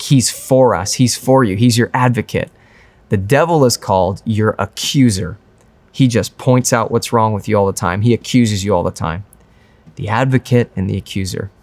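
A man's voice: lowish voice, dry recording. A young man preaching a sermon as pastor, earnest and conversational.

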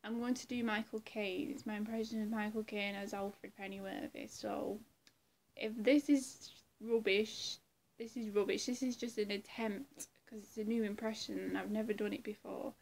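A woman's voice: mid-range voice, steady tone, moderate pace, creaky, a little mellow. A woman in casual chat between her impressions, giggly and self-deprecating, who swears casually. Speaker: impressionist video creator.

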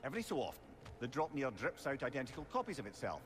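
Wise old talking head in a video game, voiced by a man, lively delivery, long reverb, faint hiss. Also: medium pitch, fast talker, close to an everyday voice. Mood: explaining.

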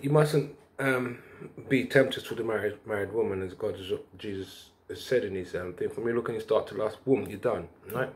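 A man vlogging, telling a rambling spiritual story in a preachy, lively way with bursts of laughter. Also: on the low side, normal speed.

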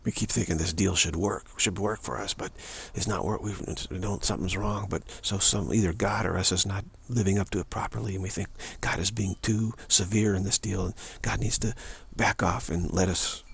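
A man's voice: low voice, steady tone, a little fast, vocal fry, few pauses, fairly bright tone, a little hiss or hum. A man giving a spiritual teaching monologue, repeating himself often and acting out little dialogues. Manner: repetitive, many restarts and "you know", acts out dialogues.

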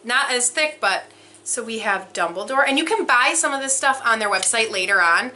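A young woman excitedly unboxing a subscription box for her vlog, gushing and exclaiming as she goes. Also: a little high, normal speed, a little hiss or hum. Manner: gushing, breathless, frequent exclamations.

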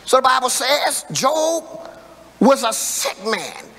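A man preaching a sermon in call-and-response style, building to emphatic shouts. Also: very high-pitched, lively intonation, slow. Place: church sanctuary. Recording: echoey church hall reverb.

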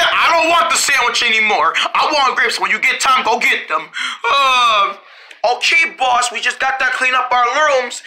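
A storyteller acting out an improvised toy play, switching quickly between bossy and whiny character voices and giggling through lines. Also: medium pitch, sharp tone. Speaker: storyteller voicing every character.

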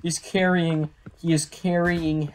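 A young man giving excitable live commentary while playing a shooter game at home on a desktop microphone. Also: on the high side, a little slow, slight background noise. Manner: excitable, reactive, frequent exclamations. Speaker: gaming YouTuber.

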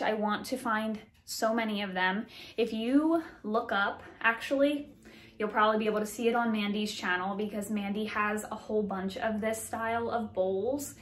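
A woman's voice: mid-range voice, unhurried, roomy sound. A woman, gushing in a bubbly, chatty way as she shows her collection in a casual vlog. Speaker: vlogger. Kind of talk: casual show-and-tell vlog.

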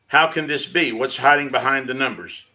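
A male pastor delivers a sermon in a conversational, needling way, dropping sarcastic asides between points. His voice is bright and forceful. The sound comes through a dull, lo-fi church livestream. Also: mid-range voice, normal speed. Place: church sanctuary. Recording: lo-fi livestream audio.

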